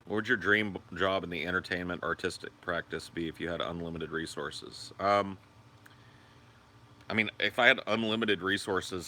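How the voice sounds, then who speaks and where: A man's voice: normal speed, bright, forceful tone. A man hosting a casual livestream, rambling and cursing while he answers viewer comments. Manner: high sing-song baby talk to his dog. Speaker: livestream host.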